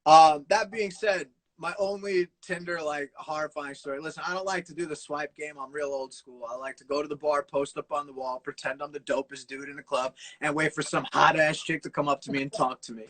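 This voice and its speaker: Slangy, high-voiced man bantering. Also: steady tone, a little fast, hardly any pauses, fairly bright tone, low-quality recording. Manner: loose, slangy, profane banter. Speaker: co-host. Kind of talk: casual chat.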